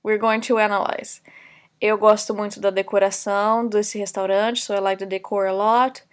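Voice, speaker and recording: A woman's voice: mid-range voice, flat delivery, smooth. Woman teaching a language lesson. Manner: explains slowly, switching between English and Portuguese examples, with many fillers. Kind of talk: recorded online lesson lecture.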